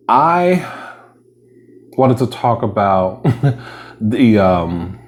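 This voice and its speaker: A man's voice: lowish voice, a little mellow. A man vlogging while he eats, chatting casually and rambling between bites. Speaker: mukbang vlogger. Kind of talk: casual chat while eating.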